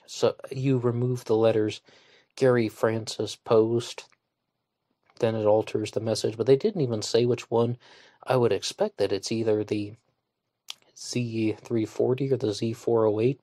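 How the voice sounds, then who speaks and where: In a dry, studio-quality recording, a man with a warm mid-range voice hosts a solo podcast of casual commentary. He is blunt and scornful, swearing and using fillers frequently.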